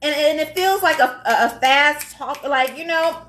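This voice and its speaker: A high-voiced woman giving a live tarot reading. She is blunt and profane, and she stresses her points hard. She keeps checking in with the listener. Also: normal speed, a bit bright, a little hiss or hum. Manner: blunt, profane, emphatic, keeps asking "all right?". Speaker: tarot reader.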